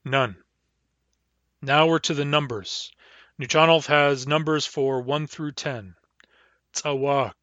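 A man's voice: a little high, fairly bright tone, dry recording, muffled recording. A man giving a recorded language lesson, carefully repeating each word and explaining its pronunciation. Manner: measured, spells out and repeats each word slowly. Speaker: language teacher.

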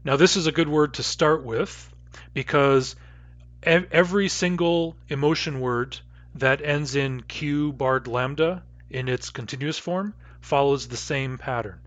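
A man teaching a language lesson, repeating each example word slowly and carefully. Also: mid-range voice, fairly bright tone, dry recording. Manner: slow, careful repetition of example words.

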